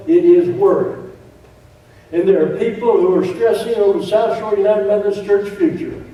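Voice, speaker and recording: In a church sanctuary, a man with a high voice and dark tone preaches emphatically, repeating key phrases and adding joking asides. The room sounds echoey, and the mic is distant.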